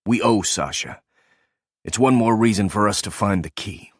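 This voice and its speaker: Narrator doing a low, sarcastic ex-agent, accusing. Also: male voice, normal speed, slightly rough, dry recording, clean studio sound. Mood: bitter. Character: bitter male ex-agent, sarcastic.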